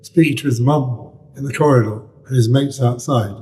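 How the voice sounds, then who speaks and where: A man's voice: mid-range voice, normal speed, dark tone, slight background noise. A man hosting an interview, asking thoughtful, probing questions. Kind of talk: conversational interview.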